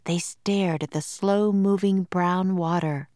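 A woman narrating a children's storybook in a slow, measured and clear manner. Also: lowish voice, steady tone, mellow, no room sound, studio quality.

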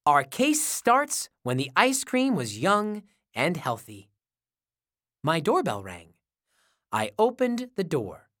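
A woman reading a children's chapter book aloud, unhurried and deliberate, in an animated storytelling voice. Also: deep voice. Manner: slow, deliberate, lively storytelling.

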